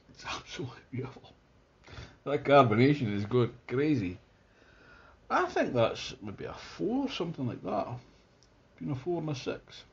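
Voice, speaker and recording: This beer reviewer from Scotland talks his way through a casual tasting, enthusiastic and thinking aloud, restarting his sentences often. His mid-pitched voice has a darkish tone, and the audio comes across slightly dull and muffled.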